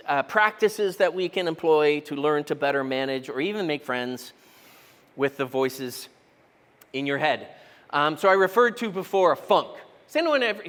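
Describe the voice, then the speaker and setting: Man, pastor, conversational sermon, asks the room questions, high pitch, echoing hall. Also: a bit bright. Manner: conversational, self-deprecating, asks the congregation questions. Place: church auditorium.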